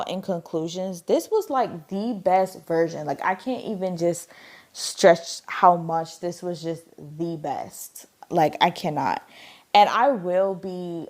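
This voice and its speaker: A woman chatting casually as she reviews a drama, gushing and leaning on lots of filler words. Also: fairly low pitch.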